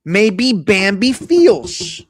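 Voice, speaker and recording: A man with a fairly high voice rambles through a casual live stream, blunt and quick to mock. The sound is dry and close, with no room around him. He jumps from thought to thought in plain everyday talk. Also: big pitch swings, no echo. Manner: rambling, blunt, mocking asides.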